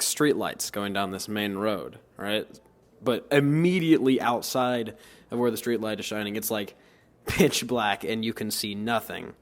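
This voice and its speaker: A man's voice: lowish voice, fairly bright tone. A teenage boy on a youth radio team telling a story casually with many fillers. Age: teens.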